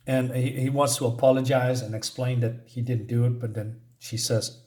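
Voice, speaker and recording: A man's voice: mid-range voice, level tone, normal speed, few pauses, mellow. A man casually recapping a comic book issue, reading out the characters' lines, with lots of fillers and a way of talking. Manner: retells the plot, reads out character lines with many fillers and laughs.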